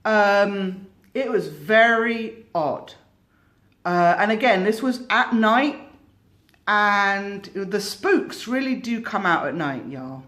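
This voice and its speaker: A woman's voice: medium pitch, lively intonation, takes it slowly, fairly bright tone. A woman hosting a tarot channel, casually telling a cautionary story in a musing way with hesitant restarts.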